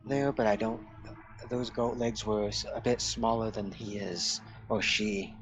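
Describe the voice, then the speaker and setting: A man's voice: lowish voice, fairly even intonation, unhurried, a little hiss or hum. A man playing a tabletop game, reasoning aloud in a thoughtful, hesitant way. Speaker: player. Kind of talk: casual tabletop play.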